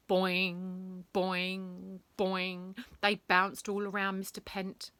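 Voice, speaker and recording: A woman reading a bedtime story, animated, acting out sound effects and dropping to whispers. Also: medium pitch, takes it slowly.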